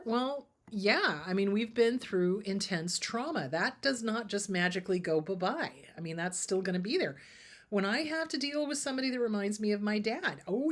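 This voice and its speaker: Animated woman therapist answering questions. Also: medium pitch. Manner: animated, acts out quoted dialogue. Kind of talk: casual advice talk.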